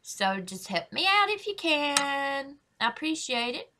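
A woman's voice: high voice, sing-song, unhurried, noisy background. A woman hosting a reaction video. She speaks candidly to her viewers, swears freely and apologizes often. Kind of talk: casual reaction chat.

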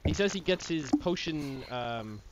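A man's voice: on the high side, lively intonation, a little slow, no echo, low-quality recording. A young man speaking as a player in a tabletop game, polite and hesitant with many fillers.

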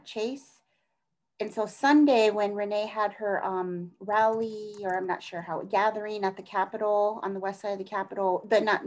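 A middle-aged woman talks at a middle pitch as an interview guest. She is earnest and rambling, and she often trails off mid-thought and starts again. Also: poor audio. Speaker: interview guest, task force advocate. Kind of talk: conversational interview.

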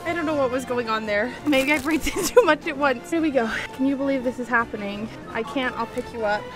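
A woman's voice: sits high, a little fast, music in the background. A young woman vlogger reading a movie script aloud in a casual way, giggling and restarting lines.

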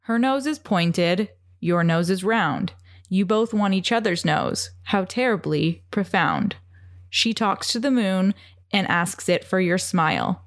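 A woman's voice: lowish voice, lively intonation, slow pace, no echo, studio quality. A young woman co-hosting a podcast, chatting casually in a playful, giggly way with lots of "like"s. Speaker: podcast co-host. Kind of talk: casual chat.

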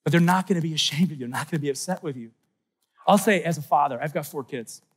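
A middle-aged man giving an animated faith talk at a youth conference, telling stories with sudden shouts and soft asides. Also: on the high side, fast talker, slightly rough. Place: large conference hall.

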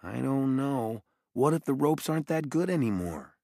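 A man's voice: mid-range voice, lively intonation, normal speed, a little mellow, no echo, clean studio sound, pitched above the performer's own voice. A man voicing an eager, chatty young boy in an audiobook. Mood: worried. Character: cheerful curious young boy, animal lover.

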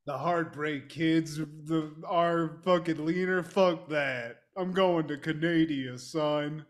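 A man co-hosting a podcast, talking about old wrestling in an animated, profane way, mimicking people and breaking into laughter. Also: a little high, slow. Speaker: podcast co-host. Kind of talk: casual wrestling recap chat.

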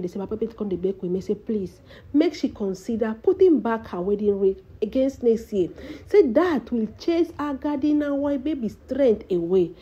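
A woman with a Nigerian Pidgin English accent relays celebrity gossip in a dramatic storyteller's way, calling out to her audience again and again. Her voice is mellow and slightly husky. The recording sounds dull and lo-fi. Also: on the high side. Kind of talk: casual gossip commentary.

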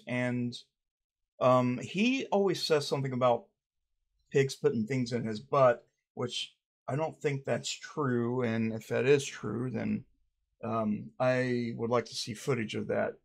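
A man hosting a comedic mock interview, talking low and deadpan with hesitant restarts. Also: slow, gravelly. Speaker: parody interviewer.

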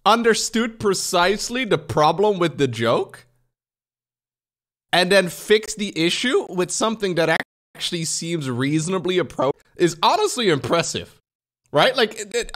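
A male streamer reacts live on stream. His voice sits a bit high and swings widely in pitch. He laughs and swears often as he comments. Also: a bit bright.

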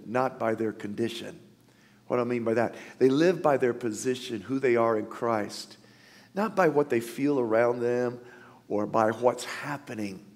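A man preaching a sermon as pastor, stressing lines loudly and then dropping to soft asides. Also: mid-range voice, in a large hall. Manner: emphatic preacher, swings between loud declarations and soft asides. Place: church sanctuary.

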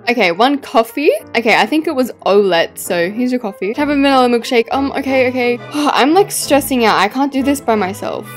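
A woman giving casual, excitable commentary as she plays a game, often squealing and laughing. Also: a little high, normal speed, faint music behind. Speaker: gaming YouTuber.

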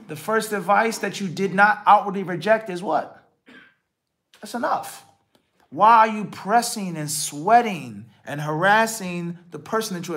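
A man's voice: a little high, slight background noise. Emphatic male scholar with rhetorical questions. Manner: rhetorical questions, sprinkles Arabic terms; emphatic, rises and drops in loudness. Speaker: Islamic scholar answering questions. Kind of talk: live Q&A religious lecture.

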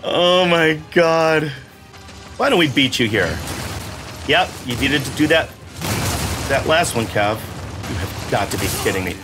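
A middle-aged man giving excitable gameplay commentary, exclamatory and self-mocking, swearing freely. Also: mid-range voice, measured pace, pauses often, over music. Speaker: gaming channel host playing while his son coaches.

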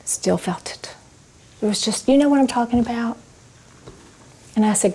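A woman's voice: a little high, normal speed, long pauses, dark tone, slightly rough. A woman, a Christian ministry speaker, tells a personal faith testimony to a live audience. She tells it expressively and turns to ask the audience questions.

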